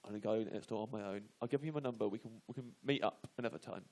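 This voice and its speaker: A man comedian on a live radio panel, telling a self-deprecating comic anecdote in halting bursts with lots of restarts. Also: lowish voice, gravelly, a little mellow.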